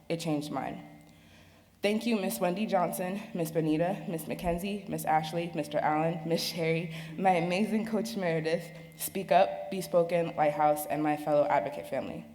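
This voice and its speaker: A young woman reading a personal speech at an event, slow and earnest. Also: low-pitched, dark tone, a little hiss or hum. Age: young adult. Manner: slow, earnest, halting delivery. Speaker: speaker sharing her story. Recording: reverberant hall with faint ambience.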